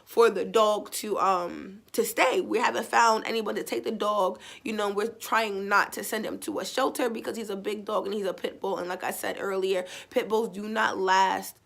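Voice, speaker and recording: Bright-voiced chatty woman vlogger. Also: mid-range voice, normal speed, creaky, hardly any pauses. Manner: chatty and digressive, with frequent fillers; blunt and expressive, with casual swearing. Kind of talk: casual storytime vlog.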